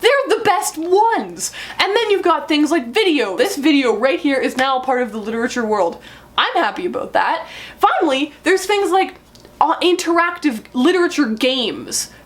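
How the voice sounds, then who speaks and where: A young woman book vlogger talking casually to camera in an excitable, chatty way, in a room full of books. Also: high-pitched, normal speed.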